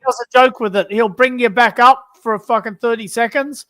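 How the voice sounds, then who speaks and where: A man's voice: extremely high pitch, fairly even intonation, brisk, sharp tone. A man on a livestream panel telling blunt, profane stories in casual chat. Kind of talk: crude casual stream chat.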